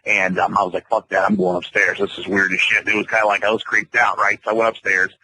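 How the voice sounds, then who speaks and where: Fast-talking, low-voiced man telling a story. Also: slight background noise, poor audio. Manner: profane, rambling, animated. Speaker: interview guest. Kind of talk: casual storytelling. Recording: radio interview audio.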